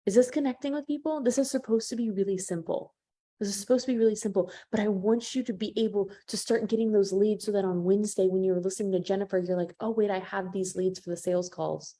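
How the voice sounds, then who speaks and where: A woman's voice: mid-range voice, fast. A woman business coach giving a live training, talking straight to her listeners and acting out the voices of people she quotes. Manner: animated, acts out quoted voices, addresses listeners as y'all.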